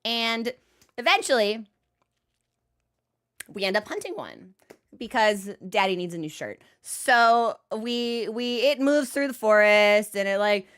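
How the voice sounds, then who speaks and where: A woman's voice: mid-range voice, lively intonation, unhurried, a bit bright, smooth. A woman streamer telling a comic story in a casual, profane, exasperated way, exaggerating for laughs.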